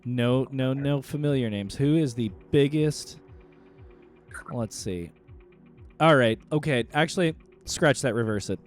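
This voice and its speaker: A man's voice: mid-range voice, measured pace. A man hosting a podcast in casual chat, laid-back and swearing freely as he reacts and reads out questions. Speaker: podcast host.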